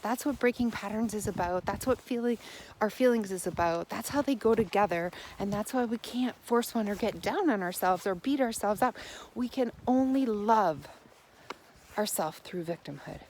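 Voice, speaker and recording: A woman giving a motivational self-help monologue. She is gentle and encouraging and often repeats her phrases. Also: mid-range voice, normal speed, a little hiss or hum.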